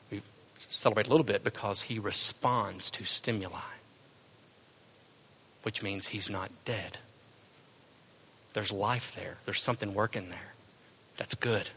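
A male pastor preaching a sermon, firing rhetorical questions and then dropping to hushed tones. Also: on the low side, a little hiss or hum.

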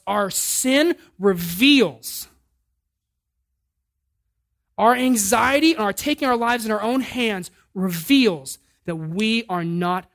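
A man delivering a sermon, talking casually to his congregation while building to emphatic points. His delivery is animated, with frequent rises in force. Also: sits high. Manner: animated, emphatic, conversational preaching. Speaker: preacher.

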